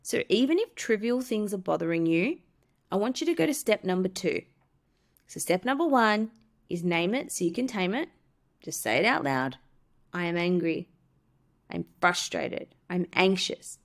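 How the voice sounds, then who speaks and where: Woman, podcast host, candid storytelling, self-help tips. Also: moderate pace. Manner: candid, acts out quoted voices with lively pitch jumps.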